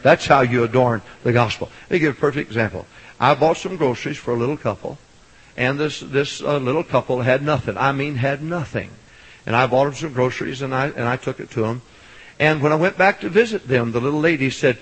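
A middle-aged man preaching a sermon as a Baptist pastor, swinging from loud hollering to soft storytelling. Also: mid-range voice, brisk, husky, poor audio.

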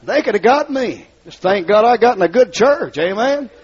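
A man with a rural Southern accent preaching his testimony in a large hall, dropping low to tell his story and rising to shout. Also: lively intonation, normal speed, husky. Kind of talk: fiery revival sermon. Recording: dull lo-fi recording.

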